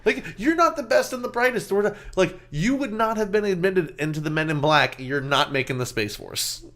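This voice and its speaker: A man's voice: high-pitched, animated, moderate pace, a bit bright. A young man co-hosting a podcast in casual banter, rambling and swearing often. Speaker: podcast co-host.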